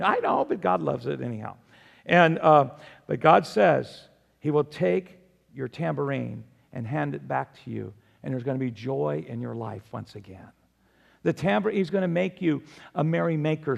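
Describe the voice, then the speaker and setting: An older man preaching a sermon as pastor, emphatic, swinging between loud declarations and soft appeals. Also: high-pitched, vocal fry, big-room sound.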